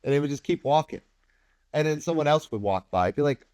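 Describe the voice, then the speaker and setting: A man's voice: fairly high pitch, fast, dry recording. Man swapping casual stories, dry sound. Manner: animated, acts out other people's remarks, swears casually. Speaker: podcast guest, filmmaker. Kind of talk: casual anecdotal storytelling.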